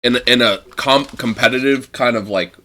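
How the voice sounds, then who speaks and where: A man co-hosting a podcast in casual chat, animated, laughing often and tripping over his words. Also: mid-range voice, normal speed. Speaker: podcast co-host.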